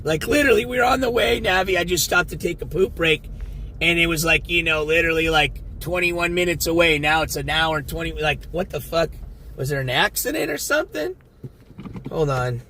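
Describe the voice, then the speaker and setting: A man with a notably high voice chats casually with his live-stream viewers from inside a car. He rambles and swears freely. A faint hum of the road sits underneath. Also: lively intonation, brisk, pushed and bright. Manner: profane, rambling, talks to his chat. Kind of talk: casual live-stream chat while driving.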